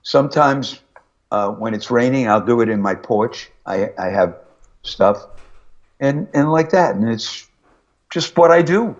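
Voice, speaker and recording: A man's voice: mid-range voice, a little slow. Older man, interview guest, storyteller, muffled lo-fi recording. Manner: storytelling, animated when quoting family. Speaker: guest singer. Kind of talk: casual interview chat.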